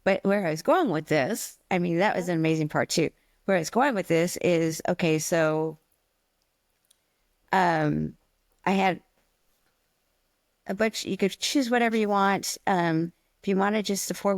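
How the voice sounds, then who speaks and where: A woman co-hosting a casual podcast chat, telling animated stories about teaching stained glass classes and acting out her students' worries. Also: mid-range voice, moderate pace, dry recording. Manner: chatty, animated storytelling with acted-out quotes.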